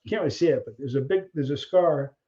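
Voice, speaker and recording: A man hosts a casual live question-and-answer stream and speaks in a fairly high voice. He tells stories in an animated way, acting out the voices of people in them and often stumbling into restarts. The audio is a little dull and lo-fi. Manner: animated storyteller who acts out scenes, halting restarts. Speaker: livestream host answering viewer questions.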